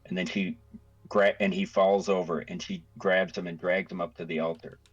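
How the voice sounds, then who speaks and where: A man running a tabletop game tells the scene in unhurried, vivid detail. His voice is low and a bit husky. The recording sounds dull, with faint music behind him. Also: little pitch movement. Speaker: game master.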